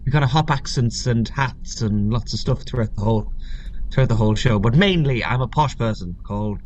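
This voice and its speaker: A man's voice: medium pitch, a little fast, darkish tone, muffled recording, slight background noise. An Irish man, an actor, chatting in a friendly, articulate way as a guest over a video call. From Ireland. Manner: friendly, articulate, occasional restarts.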